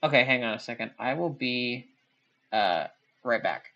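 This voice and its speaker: A woman's voice: a bass voice, expressive, moderate pace, pushed and bright, muffled recording. A woman live-streaming, chatting casually with her chat in a rambling, giggly, self-deprecating way.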